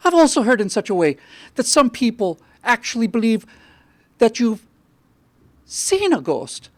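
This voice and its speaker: A man's voice: extremely high pitch, very animated, no echo, pitched above the performer's own voice, heavily acted. A man voicing a stern young Irish priest with an Irish accent, preaching indignantly to his congregation. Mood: scandalized. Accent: Irish, put on. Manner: preachy, indignant, drawn-out sermon delivery.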